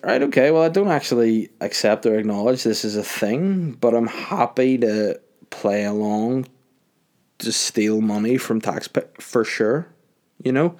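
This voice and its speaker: A man's voice: fairly low pitch, a little mellow. A man with a Northern Irish accent hosting a podcast, talking in a casual solo monologue that rambles, rants and keeps interrupting itself. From Northern Ireland. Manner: rambling, ranting, self-interrupting. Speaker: podcast host.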